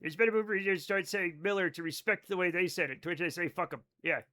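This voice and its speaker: A man's voice: high voice, quick pace, bright, forceful tone. A young man streaming a game live, chatting casually and swearing freely as he reads and answers chat. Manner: chatty, profane, reads chat aloud and riffs on it.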